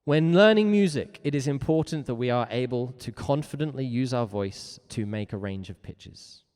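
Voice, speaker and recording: A man's voice: medium pitch, steady tone, normal speed, mellow, big-room sound. A man teaching an online music lesson, enthusiastic and coaxing, asking his learners again and again if they are ready.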